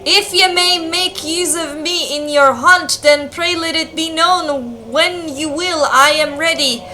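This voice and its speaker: A woman's voice: high voice, takes it slowly, sharp tone, a little hiss or hum, voice pushed up, exaggerated voice. Woman reading as a formal old village priest. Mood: grave. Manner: archaic formal speech.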